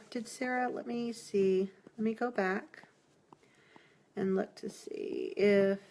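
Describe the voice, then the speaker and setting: A woman giving a live-streamed tarot reading, chatty and reassuring, laughing often as she talks to viewers. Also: mid-range voice. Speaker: tarot reader.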